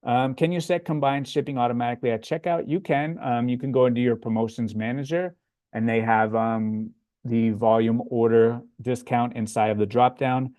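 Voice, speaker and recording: A man with a Floridian accent talks easily through viewer questions, his voice sitting in an ordinary middle register. He's relaxed and conversational, often pausing on an "um" before answering. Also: mid-range voice. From Florida, USA. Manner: relaxed, chatty, frequent "um" fillers. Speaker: livestream host answering chat. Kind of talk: casual livestream Q&A.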